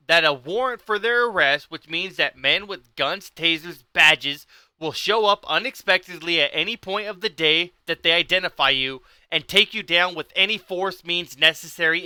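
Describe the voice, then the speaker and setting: A man talks on his livestream in a high, piercing voice, intense and heated. The sound is dry and close. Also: moderate pace, sharp tone, smooth, no echo. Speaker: livestream host. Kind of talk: livestream talk.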